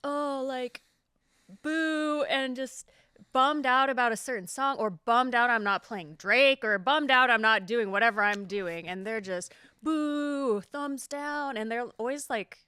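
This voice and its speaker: A woman DJ chatting casually on a podcast, animated and often laughing as she tells stories. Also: a little high, moderate pace, clean tone, no echo, clean studio sound. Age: middle-aged. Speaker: DJ and podcast guest. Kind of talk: casual chat. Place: studio.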